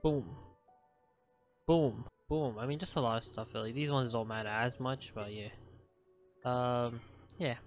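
A man's voice: mid-range voice, steady tone, a little slow, pauses often, faint music behind. A young man hosting a gaming channel, casually reading out his game account stats in a chatty, offhand way and swearing now and then.

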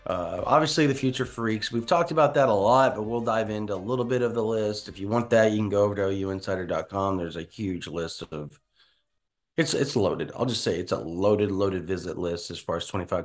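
A man's voice: fairly low pitch, normal speed. A man hosting a sports podcast in an upbeat, chatty way. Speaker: podcast host. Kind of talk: casual sports podcast chat.

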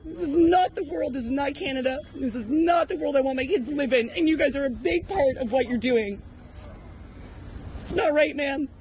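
A woman in her thirties confronting a news crew outdoors at a protest, accusing them with rapid rhetorical questions. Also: high voice, a little mellow, a little hiss or hum, poor audio. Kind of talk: heated street confrontation.

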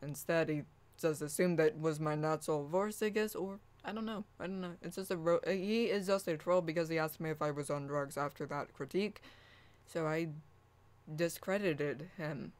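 A woman's voice: low voice, moderate pace, darkish tone. A woman hosting her own channel, chatting casually, laughing often and restarting her sentences. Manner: laughing, rambling, with repeated restarts. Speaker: channel host. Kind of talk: casual vlog chat.

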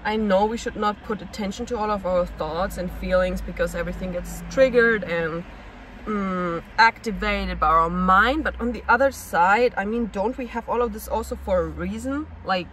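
A woman speaks in a personal confessional vlog, her voice bright and sharp. She sounds restless and searching, piling one question on the next as she talks things through. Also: medium pitch, normal speed, a little hiss or hum, rough recording. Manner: searching, restless, asks herself many questions. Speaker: actress and vlogger.

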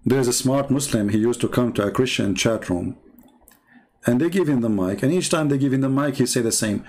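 Husky, sarcastic male debater. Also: medium pitch, fairly quick. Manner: sarcastic, animated and incredulous; non-native English with slips. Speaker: religious debater. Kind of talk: mocking commentary monologue.

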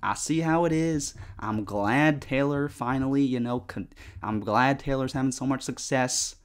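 A man's voice: mid-range voice, measured pace, clear, resonant tone. Young man rambling over gameplay. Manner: rambling, filler-heavy, swears at the game. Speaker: gaming vlogger. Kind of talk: casual chat over gameplay.

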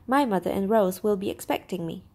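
A woman reading as a polite young gentleman. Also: medium pitch, animated, brisk. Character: polite earnest young man messenger.

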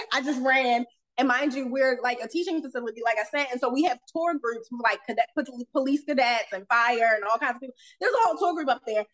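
A woman with a notably high voice tells workplace stories in an animated, casual way. She laughs often and slips into acting out the lines of the people in her stories. She sounds like a young adult guest chatting on a podcast. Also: brisk, poor audio. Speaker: autopsy technician guest. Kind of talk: casual storytelling in a podcast interview.

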